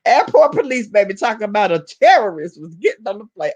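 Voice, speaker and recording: A woman from Alabama with a Southern accent, chatting casually to her live-stream viewers and reading their comments, sassy and quick to laugh. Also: mid-range voice, big pitch swings, darkish tone. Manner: sassy, talks straight to chat, laughs often. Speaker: vlogger reading live chat.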